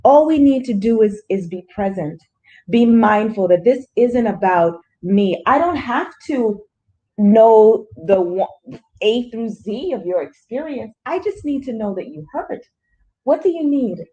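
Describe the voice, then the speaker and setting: A woman facilitating a grief support group, speaking earnestly and animatedly. Her voice is soft-toned and warm. She reaches for plain everyday examples to make her point. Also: fairly high pitch, animated, unhurried. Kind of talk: small-group discussion.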